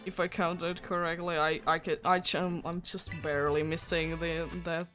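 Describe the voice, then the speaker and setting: A woman's voice: fairly low pitch, level tone, moderate pace, a bit bright, soft background music. A young woman from Finland, speaking English as a second language with a Finnish accent, chatting casually on a livestream and laughing often. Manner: chatty and giggly, with frequent laughs and restarts. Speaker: streamer.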